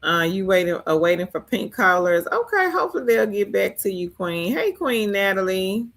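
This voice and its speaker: A woman's voice: mid-range voice, animated, moderate pace, creaky. A woman hosting a casual livestream, greeting viewers and reading their comments aloud. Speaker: livestream host reading chat. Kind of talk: casual live-stream chat.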